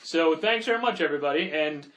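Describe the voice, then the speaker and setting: A man with a fairly high voice chats casually as a podcast co-host. He rambles a little, tosses in quick asides and laughs often. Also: lively intonation, a bit bright. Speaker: podcast co-host and comic shop owner. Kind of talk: casual chat.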